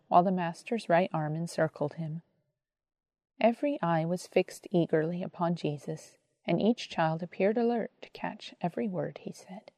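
A woman narrating an audiobook in a calm, reverent reading voice. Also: fairly low pitch, no room sound.

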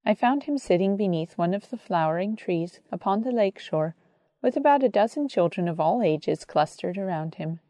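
A woman narrating an audiobook in a calm, reverent reading voice. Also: mid-range voice, moderate pace, no room sound.

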